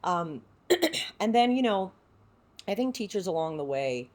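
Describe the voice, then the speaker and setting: An actress from San Diego speaking as a podcast guest, reflective and heartfelt, with many filler words. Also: female voice, medium pitch, very animated, a little slow, a little mellow. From San Diego, United States. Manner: reflective, heartfelt, full of "you know" fillers. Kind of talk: podcast interview.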